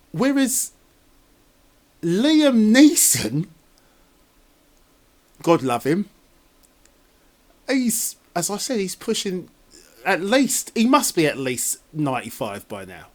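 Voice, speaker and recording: A man's voice: sits high, huge pitch swings, unhurried, long pauses. A man doing a casual trailer reaction in a rambling, sarcastic, exasperated way.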